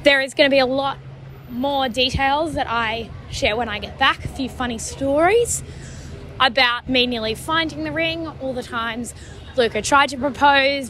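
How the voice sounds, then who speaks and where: Wry, chatty young woman, higher voice. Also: a bit bright, slight background noise. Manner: wry, chatty, self-deprecating. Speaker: podcast co-host. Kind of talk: casual recorded message.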